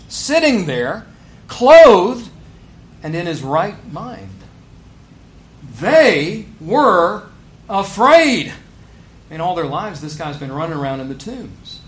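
A pastor preaching a sermon, animated, building to near shouts on key points. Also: male voice, sits high.

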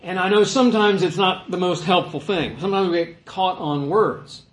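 A man's voice: sits high, moderate pace. A man preaching a sermon, asking questions and answering them himself as he reads verses aloud. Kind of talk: sermon with scripture readings. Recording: echoey room.

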